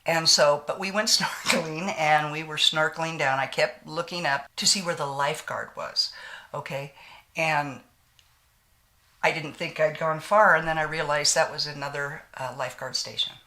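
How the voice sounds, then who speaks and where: A woman's voice: sits low, steady tone, normal speed, pushed and bright. A woman, chatting casually and telling folksy stories while doing her makeup, with a slight lingering cough. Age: 60s. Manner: chatty storyteller with frequent laughs and folksy sayings. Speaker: beauty vlogger.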